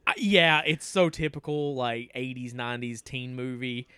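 A man's voice: mid-range voice, normal speed, clear, resonant tone, dry recording. A man, casually recapping a movie as podcast co-host, laughing often. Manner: laughs often, animated storytelling.

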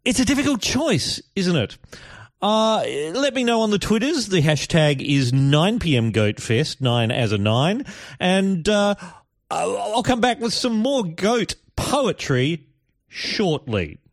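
A man's voice: high-pitched, sing-song, slow, dry recording, clean studio sound. A man hosting a casual podcast, reading poems aloud in a chatty, playful, hesitant way. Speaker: podcast host.

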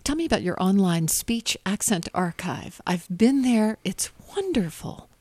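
A woman's voice: mid-range voice, animated, moderate pace, a little mellow, no room sound. A woman hosting a radio show, reading a scripted introduction and asking curious, conversational interview questions.

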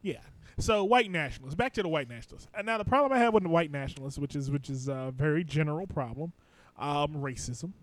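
A man co-hosting a comedy podcast in casual banter, animated and emphatic, often laughing. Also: a little high, fast, no room sound, low-quality recording. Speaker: podcast co-host. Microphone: studio microphone.

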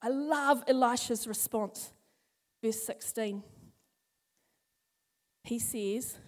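A woman teaching a Bible passage in a chatty, animated sermon, acting out the characters as she goes. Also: fairly high pitch, extremely slow, long pauses.

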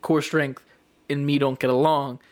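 A man's voice: medium pitch, flat delivery, measured pace, smooth. A young man chatting casually as a podcast co-host, rambling with lots of fillers and swearing. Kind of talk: casual chat.

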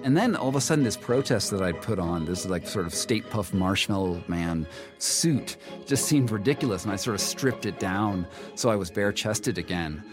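A man's voice: on the low side, normal speed, music in the background. A man telling his own story casually, acting out quotes in a raised voice. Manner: animated, acts out quotes in a raised voice. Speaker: interviewee recounting a climb.

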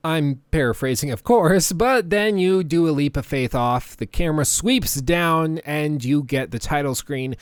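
A man's voice: a little high, a little slow, few pauses, smooth, no echo, studio quality. A man giving a conversational, opinionated video game review as a voice-over. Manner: conversational and opinionated, with small restarts.

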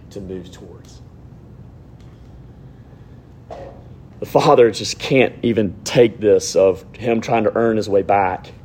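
A man preaching a sermon, rising to loud emphatic points and dropping to hushed, intimate near-whispers. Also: medium pitch, husky.

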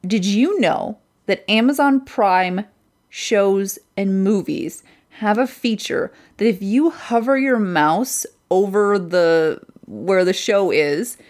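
A woman's voice: mid-range voice, takes it slowly, a little mellow. A woman co-hosting a podcast in casual chat, blunt and ranting with lots of swearing. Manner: blunt and profane, rants with frequent swearing. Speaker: podcast co-host.

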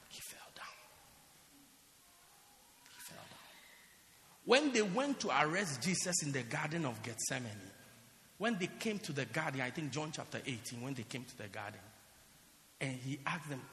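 A male pastor delivers his sermon in an emphatic, repetitive preaching style with a bright, ringing tone. His pitch swoops widely from low hushes to high peaks. The recording carries the long reverb of an echoey church hall. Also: a little hiss or hum. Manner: emphatic preaching, repeats phrases.

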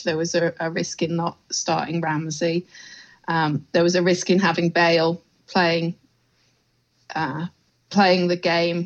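Woman on dull lo-fi audio. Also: fairly low pitch. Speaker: podcast co-host. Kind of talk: casual podcast chat.

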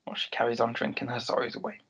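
A man's voice: medium pitch, quick pace, lo-fi sound, crowd noise. A man co-hosting a casual podcast, retelling a TV episode scene by scene and quoting the characters' lines. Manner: storytelling recap with many "um"s and quoted lines. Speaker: podcast co-host recapping a TV episode. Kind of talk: casual chat.

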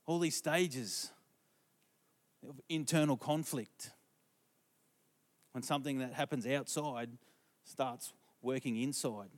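A middle-aged man preaching a storytelling sermon, conversational and asking the congregation questions. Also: medium pitch.

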